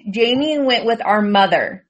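A woman's voice: on the high side, expressive, measured pace. A woman hosting a casual podcast chat with her sisters, chatty and teasing. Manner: chatty, teasing, laughs often. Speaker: podcast host.

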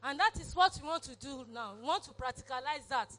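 A woman's voice: sits high, lively intonation, brisk, a bit bright. A woman pastor, preaching a sermon and leading an altar call with fervent, repeated exhortations. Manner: fervent, repetitive exhortation, acted prayers.

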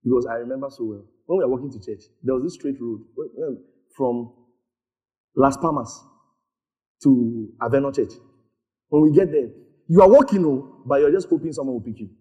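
A man's voice: mid-range voice, normal speed, pauses often, mellow, highs cut off. A man preaching a sermon, calling for responses and laughing often. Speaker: pastor.

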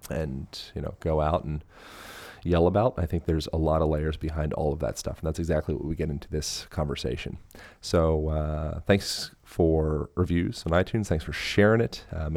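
A man's voice: rumbling low, darkish tone, no echo. A man hosting his podcast, giving a casual, rambling introduction with fillers and self-mocking asides. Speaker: podcast host.

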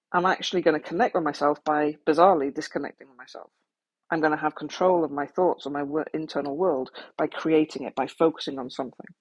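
A woman with a low, breathy-edged voice, heard on a lo-fi recording, offers the listener frank, practical thoughts on coping with trauma. She includes some self-deprecating asides.

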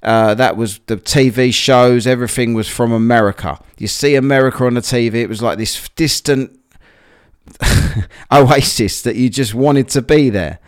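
A man from England with a clear, resonant, mid-range voice hosts a casual solo podcast at a moderate pace. Still a little out of breath after a workout, he rambles chattily and uses lots of fillers.

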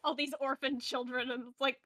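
A woman co-hosting a podcast in casual chat, wry and quick, laughing often and using "like" a lot. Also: high-pitched, little pitch movement, sharp tone. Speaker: podcast co-host.

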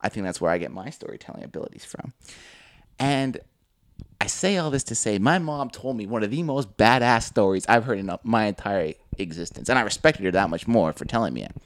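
Animated young man telling stories. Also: on the low side, fairly quick, dry recording. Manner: animated storyteller, swears freely, acts out quotes. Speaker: podcast co-host. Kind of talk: casual podcast storytelling.

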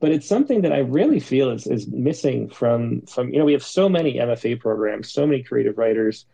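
A man's voice: mid-range voice, lively intonation, fairly quick, creaky, warm tone. A man co-hosting a podcast, talking in a thoughtful, rambling way with many restarts over a video call. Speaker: podcast co-host. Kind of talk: casual discussion.

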